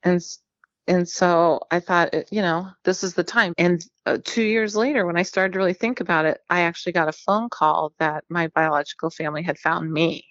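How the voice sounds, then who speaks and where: In a personal storytelling interview, a central Californian guest in her fifties talks fairly quickly in a lowish, fairly even voice. She's candid and chatty, poking fun at herself, and the lo-fi audio is dull with no echo.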